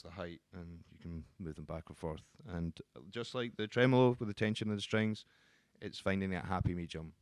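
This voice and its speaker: Low, smooth-voiced man explaining guitar parts. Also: no echo, studio quality. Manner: relaxed, with frequent ums and restarts. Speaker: guitar teacher. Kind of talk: casual instructional explanation.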